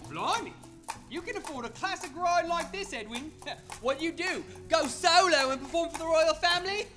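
Actor as a broke Cockney music-hall comic with lively, thick-accented banter over music. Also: very high-pitched, moderate pace. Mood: chirpy. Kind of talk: radio play acting on stage.

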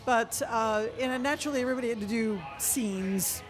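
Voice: medium pitch, moderate pace. A co-host in a casual chat, telling stories with frequent chuckles, with faint music under the talk. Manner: chuckling storyteller.

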